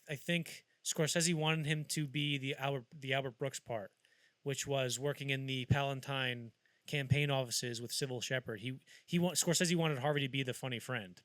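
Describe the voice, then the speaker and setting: A man's voice: medium pitch, fairly even intonation, normal speed, fairly bright tone, no room sound. A man hosting a podcast, chatting casually about film history and acting out anecdotes as he rambles along. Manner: rambling storyteller who acts out quotes. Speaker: podcast host.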